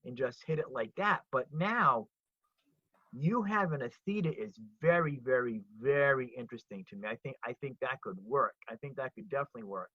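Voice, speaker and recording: A man's voice: medium pitch, moderate pace, no room sound. An older man with a Rhode Island accent, telling stories emphatically in a casual chat on a video call. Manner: animated, emphatic storyteller. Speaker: comedian guest. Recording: dull lo-fi call audio.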